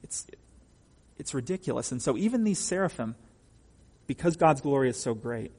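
Husky preacher in a reverberant hall. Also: male voice, medium pitch, expressive, normal speed, darkish tone. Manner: emphatic, asks the congregation questions. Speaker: pastor. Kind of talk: sermon.

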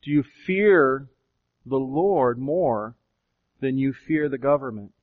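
A pastor preaching a sermon, questioning his listeners again and again, swelling with emphasis and slowing to draw out key phrases. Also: mid-range voice. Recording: dull lo-fi recording.

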